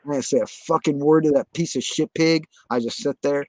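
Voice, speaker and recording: A man's voice: fairly high pitch, a little fast, darkish tone, no echo. A man telling his story in casual conversation, agitated and profane, insisting on the same points again and again.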